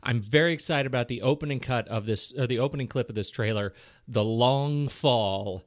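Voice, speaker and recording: Excitable man chatting about films. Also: medium pitch, no room sound, studio quality. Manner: enthusiastic, joking, halting restarts. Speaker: podcast co-host. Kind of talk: casual film podcast chat.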